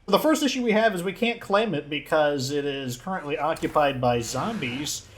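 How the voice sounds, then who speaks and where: Lively, animated young-sounding man gaming. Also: fairly high pitch, moderate pace. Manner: excitable, rambling, heavy use of "like". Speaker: gaming channel host. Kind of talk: let's play commentary.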